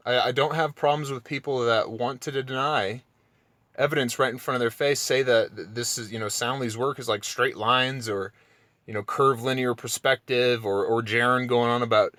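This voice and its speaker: A young man on a sarcastic, profane rant, his voice leaping high whenever he mocks someone. He speaks at a middling pitch. His voice sounds close and dry, with no room around it. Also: dry recording. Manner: sarcastic, mocking, swears freely; excitable, voice jumps high when mocking. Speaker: channel host. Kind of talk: casual rant to viewers.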